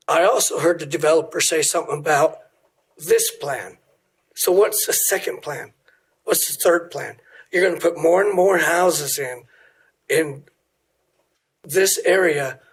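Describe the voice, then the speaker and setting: A hoarse middle-aged man giving blunt, pointed public comment at a city meeting, asking pointed questions into a podium microphone. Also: on the high side. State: hoarse, losing his voice.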